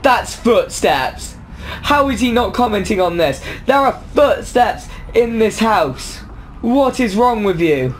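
A young man giving jumpy commentary on a horror game, with a high voice and slow pace. He yelps and argues with the characters on screen. Faint noise sits under his voice. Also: very animated. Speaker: gaming YouTuber.

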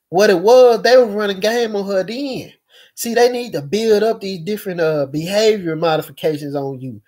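A man speaking in a rambling personal monologue, with features, halting often with fillers and restarts. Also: fairly high pitch, darkish tone. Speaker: speaker recounting experiences.

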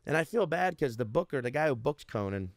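With an expressive, mid-range voice and a fairly quick pace, this man in his thirties rambles through profanity-laden stories as a comedian guest in an easygoing interview. It's a dry, studio-quality recording.

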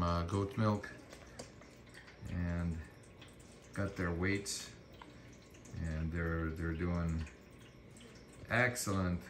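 A man who breeds dogs, chatting casually on a vlog and talking fondly to puppies, filmed on a handheld camera indoors. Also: sits low. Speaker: dog breeder. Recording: noisy home video.

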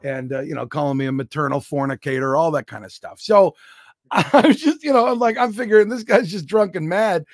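A man's voice: on the high side, fairly quick, no room sound, studio quality. A man, a comedian guest on a podcast, telling a story with self-deprecating, jokey asides. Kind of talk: comic storytelling.

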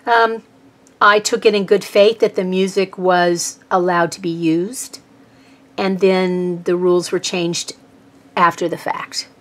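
A woman hosting an art channel, talking casually to camera and complaining in a halting way with restarts. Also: fairly low pitch, level tone. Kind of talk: casual vlog talk to camera.

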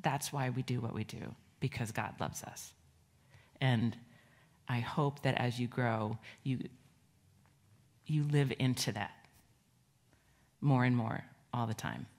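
A middle-aged woman pastor giving a children's sermon in a church, gentle and conversational, asking the children questions. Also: extremely low pitch, takes it slowly, pauses often. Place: church sanctuary.

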